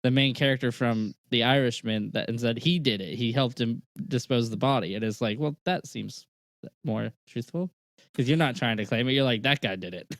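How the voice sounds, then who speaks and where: A man chatting casually on a podcast, relaxed and saying "dude" a lot. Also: medium pitch, moderate pace, dry recording. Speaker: podcast co-host.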